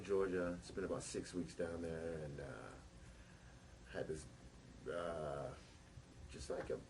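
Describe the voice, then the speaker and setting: A man, a punk musician, telling a rambling personal story in an interview, swearing and pausing on fillers. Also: on the low side, slight background noise, low-quality recording. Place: record label office.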